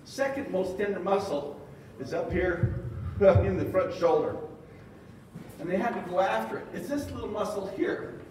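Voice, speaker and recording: A man's voice: sits high, moderate pace, noisy background. A middle-aged man giving a conference talk, telling folksy, joking anecdotes to a live audience. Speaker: beef industry speaker. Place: meeting hall. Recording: echoey hall from far off.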